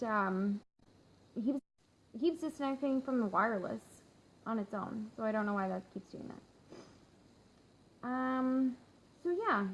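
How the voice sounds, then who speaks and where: A woman in her thirties, a work-from-home mom, chatting candidly to viewers in a casual live stream, with lots of fillers and easy laughter. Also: a little high. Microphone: phone. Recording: slightly dull phone audio with faint hum.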